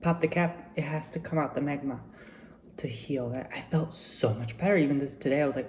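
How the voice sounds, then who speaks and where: Gravelly-voiced man chatting casually. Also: a little high, quick pace, slight background noise. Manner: relaxed, reflective, chatty with frequent fillers. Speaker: vlogger. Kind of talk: casual vlog chat while eating.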